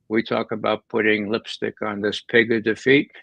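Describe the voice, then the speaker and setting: A man's voice: on the low side, flat delivery, moderate pace, creaky, few pauses, a bit bright, dry recording, poor audio. A man speaking as a guest analyst in political commentary, emphatic, with frequent repeated words and restarts.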